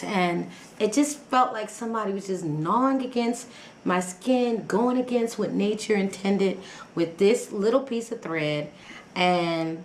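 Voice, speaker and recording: A woman vlogger telling a personal story in a rambling, chatty way, full of fillers and restarts, acting out her own past reactions. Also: fairly low pitch. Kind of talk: casual personal story vlog. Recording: echoey room with faint background noise.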